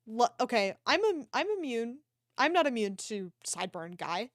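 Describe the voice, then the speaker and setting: A woman who streams art talks loosely with her audience, retelling a movie while rambling and cursing freely. Her pitch is on the high side at a normal speed, and the desk mic gives clean, echo-free studio sound.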